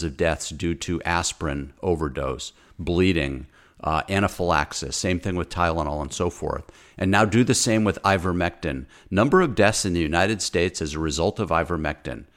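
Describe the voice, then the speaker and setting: A man's voice: low-pitched, moderate pace. A man, a physician, delivering an angry, insistent rant as a talk-show guest, often repeating words as he presses his point.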